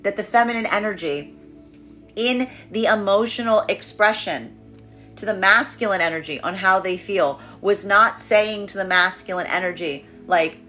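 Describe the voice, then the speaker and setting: Bright-voiced woman giving a tarot reading. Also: mid-range voice, normal speed, faint music behind. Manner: emphatic, repeats phrases, acts out quoted voices. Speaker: tarot reader.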